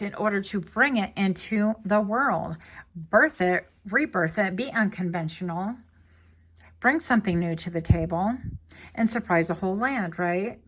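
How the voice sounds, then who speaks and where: A woman's voice: mid-range voice, a bit bright. A woman giving a casual pick-a-card tarot reading, chatty and digressive with playful asides. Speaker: tarot reader.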